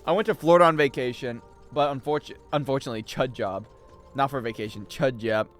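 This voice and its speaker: A man chatting casually and joking with his chat while he plays a game on a livestream, swinging between loud outbursts and mumbled asides. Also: medium pitch, fairly quick, soft background music. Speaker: game streamer.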